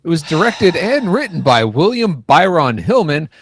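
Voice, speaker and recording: A man co-hosting a podcast with a slightly higher voice and an animated, playful delivery. He teases the host and reads out facts. The sound is close and dry. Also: normal speed, slightly rough, no room sound. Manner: teasing, playful interrupter. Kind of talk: casual podcast banter.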